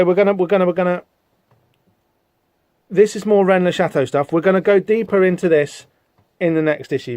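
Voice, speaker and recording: A man hosts a casual comic book podcast. His voice sits a little high and he rambles through fillers and restarts. The sound is close and dry. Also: a little mellow, no room sound. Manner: rambling, lots of fillers and restarts, chatty asides. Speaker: podcast host.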